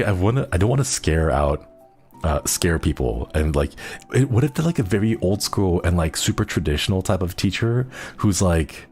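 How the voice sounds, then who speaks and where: A man's voice: low voice, a little mellow. A young man streaming as a virtual idol, chatting casually in a rambling way full of fillers and giggly asides. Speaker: VTuber streamer. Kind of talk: casual chat.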